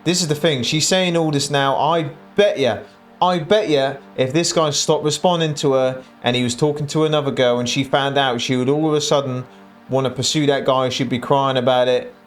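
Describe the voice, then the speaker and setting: A man's voice: mid-range voice, fairly even intonation, moderate pace. A man hosting a reaction commentary channel, talking bluntly and mockingly over clips. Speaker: commentary host.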